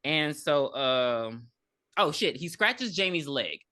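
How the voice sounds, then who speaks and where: Lively woman co-host, bright voice, casual and profane. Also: low-pitched, slow. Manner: animated, profane, laughs often. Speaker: podcast co-host. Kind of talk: casual movie recap chat.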